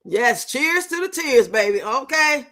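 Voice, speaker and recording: Young woman streamer, high bright voice, loud, profane, teasing chat host. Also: lively intonation, a little slow. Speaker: livestream host. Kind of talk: casual live-stream chat reacting to a reality show.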